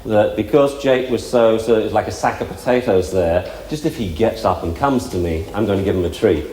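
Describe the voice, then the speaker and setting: Dog trainer explaining in an echoey hall. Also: male voice, lowish voice, a little fast, a little mellow, a little hiss or hum. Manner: chatty, explains while working the dogs, puts on dog voices for fun. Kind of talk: live training demonstration. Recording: echoey hall with faint ambience.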